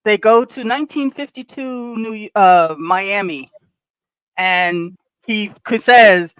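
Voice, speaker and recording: Animated storyteller on a dry mic. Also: mid-range voice, slow pace, smooth, dry recording, rough recording. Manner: animated storyteller, retelling scenes with laughs. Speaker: panel guest. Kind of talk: casual panel chat.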